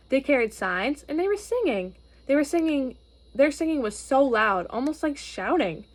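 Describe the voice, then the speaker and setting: Expressive woman reading a storybook. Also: fairly high pitch. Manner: expressive, gently explaining. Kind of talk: storybook read-aloud.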